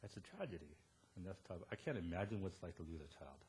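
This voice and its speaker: A man in his thirties preaching a sermon as pastor, animated and storytelling, quoting the people he talks about. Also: deep voice, quick pace, slight background noise.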